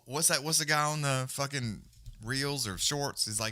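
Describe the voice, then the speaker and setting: A man's voice: mid-range voice, moderate pace, no room sound. A man hosting a live stream, rambling casually with lots of swearing. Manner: rambling, profane, animated. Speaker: livestream host.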